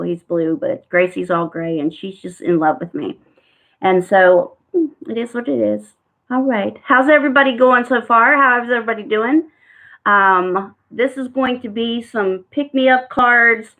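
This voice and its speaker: A woman's voice: fairly high pitch, pushed and bright. A woman reading tarot cards in a casual live-stream chat, talking in a rambling way with frequent fillers. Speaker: tarot card reader. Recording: tinny phone-like sound.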